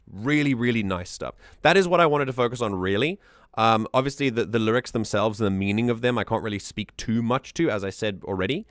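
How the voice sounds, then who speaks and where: A man's voice: on the low side, fairly quick, dry recording, clean studio sound. A man streaming casual music-analysis commentary, enthusiastic and rambling, often restarting his sentences.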